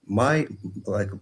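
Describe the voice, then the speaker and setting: Male guest calling in over video, lowish voice, earnest and halting testimony full of restarts. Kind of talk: personal testimony. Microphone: video call.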